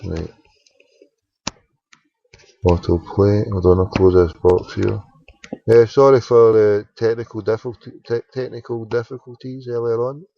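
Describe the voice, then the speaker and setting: A man's voice: lowish voice, steady tone, a little slow, vocal fry, long pauses, lo-fi sound. A man hosting a late-night phone-in on internet radio, muttering to himself as he works his computer. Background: keyboard typing and clicks.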